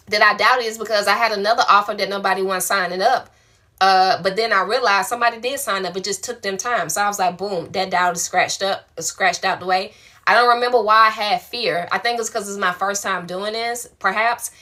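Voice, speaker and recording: Bright-voiced woman, casual spiritual coach. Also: medium pitch. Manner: affectionate, colloquial, encouraging. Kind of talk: live-stream answering viewer questions.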